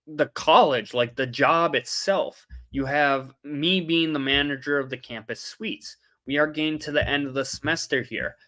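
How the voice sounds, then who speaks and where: A man's voice: mid-range voice, pushed and bright. A young man hosting a casual livestream, chatting loosely to viewers and often losing his train of thought. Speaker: livestream host. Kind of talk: casual live-stream chat.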